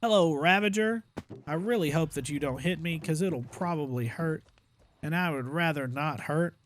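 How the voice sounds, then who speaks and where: A young man giving casual gameplay commentary as a streamer, chatty, with exaggerated complaints and excited outbursts. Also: fairly high pitch, moderate pace, a little hiss or hum. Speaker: gaming streamer.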